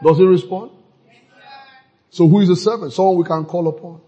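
A man preaching with a slightly raised pitch. He delivers his sermon in an animated, playful way, slipping into mocking voices as he acts out church members. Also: a little fast, pauses often. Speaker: pastor.

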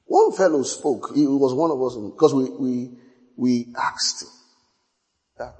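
A middle-aged man preaching a sermon as pastor, telling stories with repetition, sudden loud high outbursts and quiet hushed asides. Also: unhurried, long pauses. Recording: long hall reverb.

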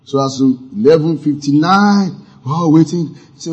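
A man's voice: a little high, fairly quick, a little mellow. A man preaching a sermon as pastor, emphatic, with asides and acted-out sound effects. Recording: muffled lo-fi sermon audio.

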